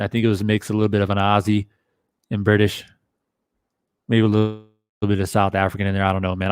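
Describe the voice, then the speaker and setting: This fairly low-pitched man speaks with a clean tone as he runs a live boxing stream. He chats loosely with his audience, reads their comments aloud, and curses without restraint in a lively, animated way.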